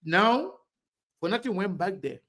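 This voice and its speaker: Host guy, high voice, keeps hammering the same question, interrupts a lot. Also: lively intonation, measured pace, fairly bright tone. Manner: presses with repeated questions, cuts in. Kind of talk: heated political debate.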